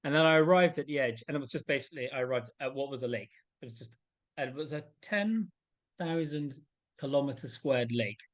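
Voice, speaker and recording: Guy in an interview, chatty storyteller, does all the voices when he quotes people. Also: fairly quick. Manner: animated, acts out quoted voices with big pitch jumps. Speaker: interview guest, endurance adventurer.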